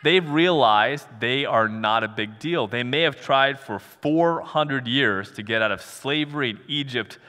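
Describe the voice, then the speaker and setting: A man preaching a sermon as pastor, animated, acting out imagined voices and laughing now and then. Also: medium pitch, a little slow, hardly any pauses. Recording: long hall reverb.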